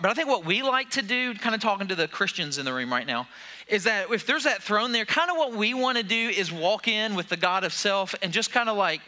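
A man's voice: sits high, bright, forceful tone. A man preaching a sermon to a church, talking conversationally and posing questions to the congregation. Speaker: pastor.

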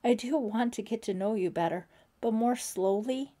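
A woman's voice: fairly high pitch, normal speed, mellow, pitched above the performer's own voice, lightly acted. A woman voicing a nervous teenage girl who is a camp counselor, speaking hesitantly and earnestly.

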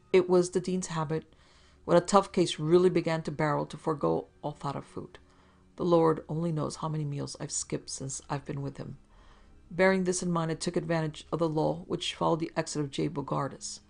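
Gravelly woman narrating a detective story. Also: sits low, fairly even intonation, moderate pace, a little mellow.

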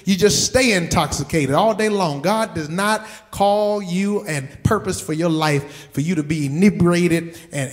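A man with a high voice delivers a sermon as pastor. He hammers his points home by repeating words and keeps turning to the congregation with direct questions. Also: darkish tone. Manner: emphatic, repeats words for stress.

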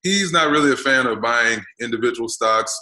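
A man's voice: mid-range voice, moderate pace, poor audio. A man co-hosting a family channel, casually explaining how to buy stock at home, with frequent uh fillers. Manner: relaxed, steady explaining with uh fillers. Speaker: co-host explaining stock investing. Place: indoors at a rented home.

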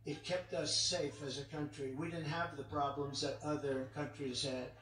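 Rally speaker, man, fairly high voice, repetitive and emphatic, heard from a distance in a big arena. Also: flat delivery, moderate pace, fairly bright tone, slight background noise. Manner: repetitive, emphatic, rambling asides. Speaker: political candidate. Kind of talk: campaign rally speech. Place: large indoor arena. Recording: echoey arena, distant mic.

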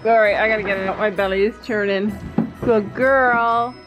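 A woman's voice: mid-range voice, little pitch movement, rapid-fire, over music, low-quality recording. A woman vlogging from a horse barn in casual family chat, chatty and often laughing.

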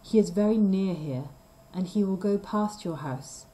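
A woman's voice: medium pitch, measured pace, warm tone, natural voice, poor audio. A woman reading the lines of a male messenger pleading for help in a storybook reading.

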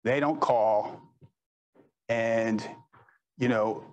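A man's voice: mid-range voice, steady tone, very slow, dull audio. A man telling business anecdotes in a rambling, chatty way, leaning on "you know" and laughing at his own stories. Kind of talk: anecdotal storytelling talk.

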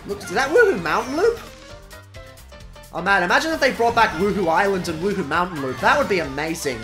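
A woman streaming a live reaction, excitable and foul-mouthed, bursting into shouts and laughter. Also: mid-range voice, fairly quick, over music.

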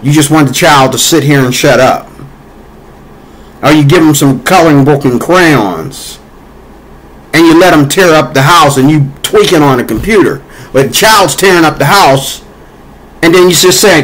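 A man's voice: fairly high pitch, moderate pace, a bit bright, low-quality recording. An American man delivering a political opinion rant in a rambling, repetitive way, full of fillers and growing heated. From United States. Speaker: vlogger.

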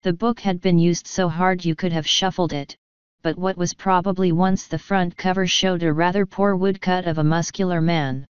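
A woman reading an audiobook in a measured, dry narration. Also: lowish voice, a little mellow, clear, resonant tone, dry recording, highs cut off. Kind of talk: scripted narration.

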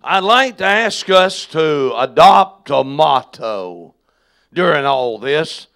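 A pastor with a gravelly, slightly high voice reads scripture very slowly and solemnly during a sermon. Each line is measured and deliberate. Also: male voice, lively intonation, fairly bright tone.

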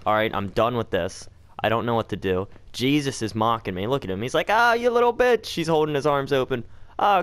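A man's voice: medium pitch, fairly bright tone, smooth. A man giving casual, profanity-filled commentary while playing a horror game, jumpy and nervously joking. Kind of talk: casual let's play commentary. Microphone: desk mic.

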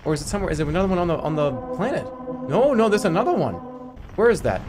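An excitable man streams a video game with running, self-mocking commentary. His pitch swings lively from line to line, and he repeats phrases in quick bursts. Steady noise sits behind his voice. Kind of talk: live gameplay commentary. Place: home streaming setup.

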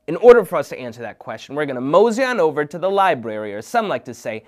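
A man's voice: medium pitch, very animated, quick pace, few pauses, over music. A man hosts a children's program with playful, upbeat energy. He addresses young viewers directly and jokes with them as he presents. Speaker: host of a kids' program. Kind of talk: lively kids' show presenting.

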